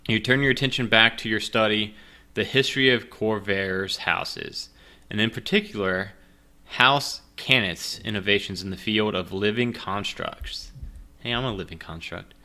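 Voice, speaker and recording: Game master, male, low-ish bright voice, casual and rambling, self-deprecating, drinking a bit. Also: normal speed. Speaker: game master playing a solo gamebook. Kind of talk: casual chat and reading game narration.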